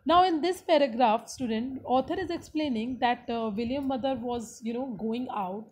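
A woman's voice: a little high, normal speed, a little hiss or hum, low-quality recording. A woman teacher who reads a story aloud and then explains it in simple words, often calling out to the student. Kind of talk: reading a textbook and explaining to students.

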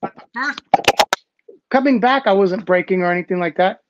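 A man guest recounting old stories in a casual, animated way, acting out what others said. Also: high-pitched, normal speed, very noisy. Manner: animated, acts out quotes from others. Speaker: interview guest, b-boy. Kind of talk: casual storytelling. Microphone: phone or call audio. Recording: dull, dry call audio.

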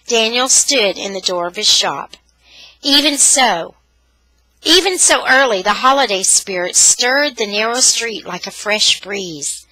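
A woman's voice: fairly high pitch, bright, forceful tone, no echo, poor audio. A woman from Texas with a Californian accent, reading a novel aloud to online listeners and adding chatty, friendly asides that explain words. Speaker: storyteller.

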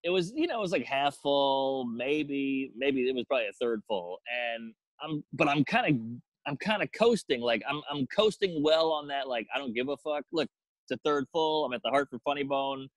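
A man's voice: medium pitch, animated, moderate pace, dry recording, poor audio. A man, a comedian, telling a profane story in a casual chat, acting out the quotes with energy. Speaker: comedian guest.

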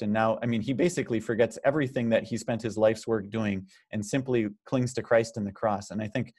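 A man with a somewhat low voice leads a church Bible study. He talks in an easy, conversational way, reading out questions from the group and coaxing them to answer. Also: steady tone, brisk, hardly any pauses, darkish tone. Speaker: pastor leading Bible study. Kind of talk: informal Bible study teaching.

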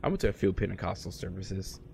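A man live-streaming a game, chatting casually and profanely with his viewers, swinging from low muttering to loud excited outbursts. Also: quick pace, vocal fry, slight background noise. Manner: slangy and profane, talks to chat by name. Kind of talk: casual live-stream chat while gaming.

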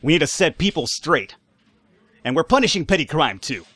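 A man reading out the lines of a gruff male police boss giving curt orders in a game. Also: a little high, big pitch swings, moderate pace, a bit bright, no room sound, heavily acted. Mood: stern. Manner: curt, commanding.

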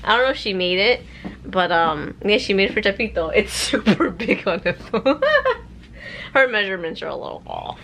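A woman's voice: mid-range voice, lively intonation, a little fast, fairly bright tone, slight background noise. A young mother vlogging casually at home with a handheld camera. She chats, laughs often and slips into Spanish with her child. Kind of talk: casual family vlog. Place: home, indoors.

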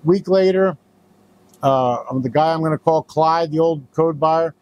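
A man who owns a recycling business talks casually to camera about his business, telling a story with lots of fillers. His voice is a little high and unhurried, and the recording is dry and lo-fi.

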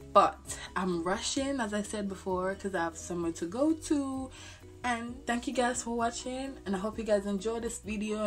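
A young woman telling a storytime vlog, full of slang and swearing. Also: medium pitch. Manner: animated, slangy, swears freely. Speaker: vlogger.

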